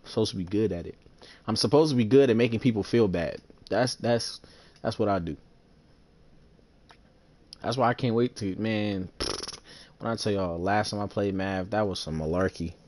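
A man's voice: moderate pace, long pauses, darkish tone, a little hiss or hum. A young man casually commentating while he plays a sports video game, boastful and full of slang, talking smack about his opponents. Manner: trash-talking, boastful, slangy, breaks into falsetto singing. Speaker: gaming streamer.

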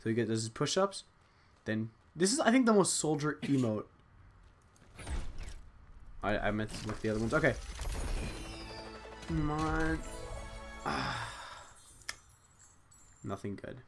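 A young man talking to himself at his computer while opening loot boxes, excitable and chatty. He groans at duds and cheers at good drops, in a plain mid-range voice on a desk mic, with faint music playing underneath. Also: medium pitch, a little slow, long pauses. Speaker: gaming channel host. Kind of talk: casual unboxing commentary. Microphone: desk USB microphone.

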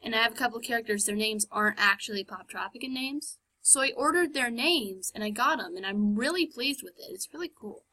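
A woman's voice: on the high side, animated, fairly quick, few pauses, bright, forceful tone, low-quality recording. A woman giving casual gameplay commentary, chatty and self-mocking, often muttering and whispering to herself. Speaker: game let's-player.

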